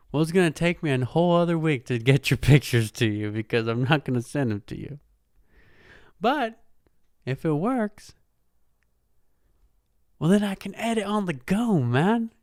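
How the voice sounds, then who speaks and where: A young man chats alone on his podcast in an unhurried, drawn-out way, his voice sitting a little high. He rambles, jokes and swears freely, with "dude" and "man" in nearly every sentence. The sound is dry and close. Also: darkish tone, smooth, no echo. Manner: laid-back, rambling, frequent "dude" and "man"; swearing, joking, chuckling. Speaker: podcast host. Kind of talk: casual solo podcast chat.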